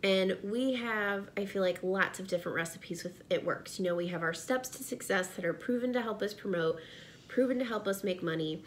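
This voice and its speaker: Woman, 30s, pregnant, earnest, chatty, home office, faint low rumble. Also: brisk. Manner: earnest, chatty, addresses viewers directly. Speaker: vlogger and direct sales seller. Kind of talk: casual to-camera vlog.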